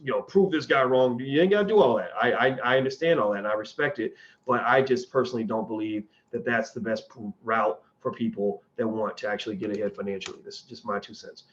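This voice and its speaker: A man's voice: lowish voice, fast talker, dull audio. A man hosting a casual livestream and answering viewer questions. He is blunt and opinionated, rambles, and often restarts his sentences. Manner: rambling and conversational, with frequent restarts.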